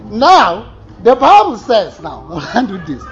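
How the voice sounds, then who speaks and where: A man preaching a sermon, animated, swinging between loud exclamations and quiet asides with frequent laughs. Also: sits high, measured pace. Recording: slightly dull recording with faint room ambience.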